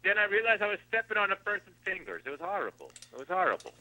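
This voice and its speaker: Brief: male comic as a rambling addict in a radio comedy bit, bright, animated, edging into an Italian-style accent. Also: sits high, fast, exaggerated voice, rough recording. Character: rambling drug-addicted man, wife after alimony.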